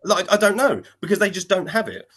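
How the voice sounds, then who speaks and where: A man, co-hosting a casual wrestling chat and retelling a match in an animated way, jumping into quoted voices. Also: sits high, fairly quick. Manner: animated storytelling, acting out quotes in shifting voices. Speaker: wrestling podcast co-host.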